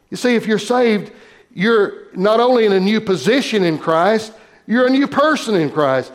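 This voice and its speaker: A man preaching a sermon in an emphatic, measured way, slowing down to stress key phrases. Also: high-pitched.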